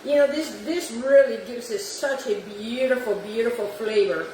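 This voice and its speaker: A woman's voice: fairly high pitch, normal speed, a little mellow, reverberant, distant mic, slight background noise, poor audio. A woman hosting a home cooking demonstration, gushing over the food and dropping in Italian words. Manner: effusive, repeats "beautiful" and "wonderful", drops Italian words. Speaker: cooking show host. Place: home kitchen.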